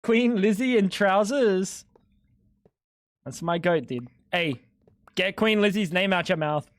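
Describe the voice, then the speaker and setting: A man's voice: sits high, slow, no room sound. An Australian man streaming a game, bantering casually with friends, swearing a lot and joking with mock indignation.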